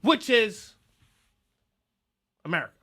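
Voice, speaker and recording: Loud animated ranting man, high bright voice. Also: slow. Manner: loud, animated, swings into shouting. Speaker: podcast host. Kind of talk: profane comedic rant.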